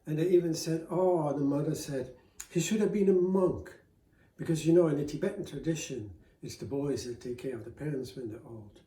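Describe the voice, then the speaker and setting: A man telling a folk tale aloud in a relaxed, conversational way, with fillers and restarts. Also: on the high side, a little fast, few pauses, roomy sound. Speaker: storyteller.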